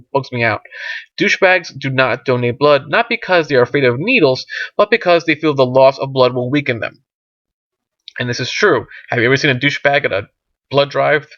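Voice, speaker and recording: A man's voice: medium pitch, fairly bright tone, no echo. A man delivering a crude, sarcastic comedic rant full of swearing, rambling with fillers and asides. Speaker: comedic vlogger. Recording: dull lo-fi dry recording.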